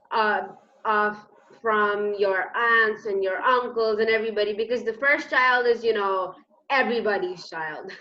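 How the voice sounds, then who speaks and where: Bright-voiced woman hosting an interview. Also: fairly high pitch. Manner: friendly, asks questions and affirms. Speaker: interview host. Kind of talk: casual interview. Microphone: video call. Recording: dull lo-fi call audio.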